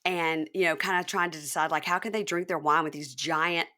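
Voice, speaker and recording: A woman's voice: deep voice, fairly even intonation, brisk, bright, forceful tone. A middle-aged woman hosting a podcast, chatting casually and laughing often as she recaps a show. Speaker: podcast host.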